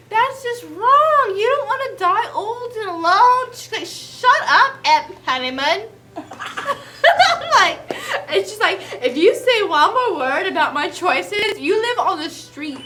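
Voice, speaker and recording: A woman's voice: very high voice, pushed and bright. A woman telling a comic story recap, giggling often and acting out the characters' lines. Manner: giggly, acts out lines in voices. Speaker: host.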